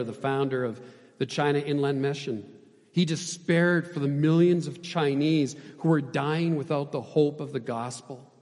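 A man preaching a sermon as pastor, impassioned, swinging between loud emphasis and hushed, quiet passages. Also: on the high side, long reverb tail.

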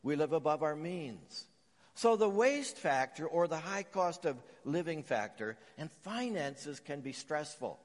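A man's voice: on the high side, long reverb tail. A man from Canada preaching a sermon, telling stories and raising emphatic questions as he teaches. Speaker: pastor.

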